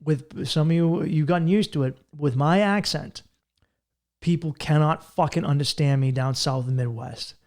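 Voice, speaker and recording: Fast-talking profane man. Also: fairly high pitch, a little mellow. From Massachusetts. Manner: profane, fast-talking, jumps into mocking voices. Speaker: podcast host. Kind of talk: solo comedic rant.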